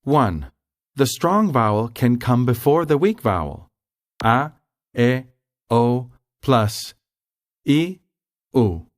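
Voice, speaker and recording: Slow, careful male tutor narrating. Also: medium pitch, very animated, no room sound, clean studio sound. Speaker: language tutor. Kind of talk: scripted instructional narration.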